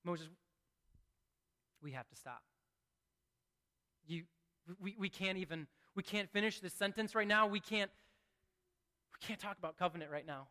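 A man voicing God as a stern, solemn figure, speaking low and hushed in a sermon retelling. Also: animated, a little slow, pauses often, full character voice. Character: God, grave and stern, breaking off a talk. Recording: long hall reverb.

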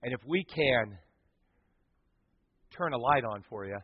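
A man preaching a sermon as pastor, telling a story with big swings from loud to hushed. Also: mid-range voice, unhurried, breathy edge. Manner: animated storytelling with dramatic swings in volume. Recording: dull sound with long hall reverb.

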